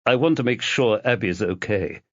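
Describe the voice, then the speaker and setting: A man's voice: fairly low pitch, animated, normal speed, no echo. A man voicing an awkward, fidgety male friend who speaks hesitantly and apologetically, in a dull lo-fi recording.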